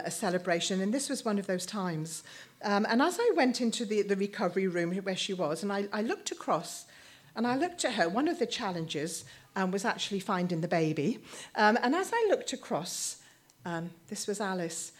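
A woman, sharing a personal story in a sermon, halting and emotional, with many restarts. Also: mid-range voice, animated. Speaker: speaker at church.

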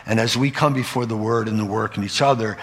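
Low-voiced man teaching calmly in a hall. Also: quick pace. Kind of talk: sermon dialogue.

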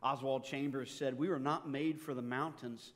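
A pastor delivers a sermon in a church sanctuary, his medium-pitched voice moving at a normal speed and echoing through the reverberant hall. He tells stories in an animated, conversational way, mixing in humor.

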